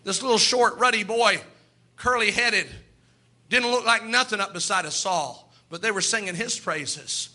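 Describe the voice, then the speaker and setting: A man's voice: high voice, moderate pace, bright, forceful tone. A man preaching a sermon, telling Bible stories and acting out the characters' voices, building up with emphatic repetition. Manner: storytelling, acts out Bible characters in quoted voices.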